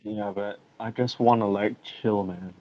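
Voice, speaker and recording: A man's voice: lowish voice, steady tone, a little slow, lo-fi sound. A man co-hosting a podcast, chatting in a crude, joking way and laughing often. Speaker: podcast co-host. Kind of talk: casual banter.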